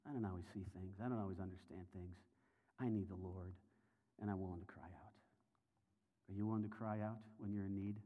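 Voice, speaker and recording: A man preaching a sermon as a story. He asks the listeners questions, and his voice moves between hushed, low passages and rising, intense ones. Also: narrow, tinny audio. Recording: long hall reverb.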